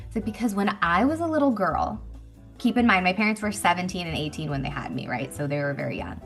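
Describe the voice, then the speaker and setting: A woman in her thirties telling a story to a group in a chatty, animated way, acting out what people said. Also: medium pitch, fast, soft background music. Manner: animated, chatty, acts out quotes. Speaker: speaker at a women's business meeting. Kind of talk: casual storytelling talk to a group.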